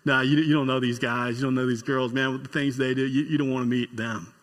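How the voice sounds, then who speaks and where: A man's voice: mid-range voice, fairly even intonation, quick pace, voice pushed down, natural voice. A man voicing a sheepish young male tax collector who pleads to keep his friends hidden, with long church reverb. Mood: protesting.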